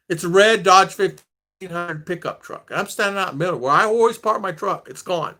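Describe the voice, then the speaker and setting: A US vlogger in his sixties chats casually, telling rambling stories that he often restarts or lets trail off. His voice is high-pitched and bright, with a brisk, forceful tone.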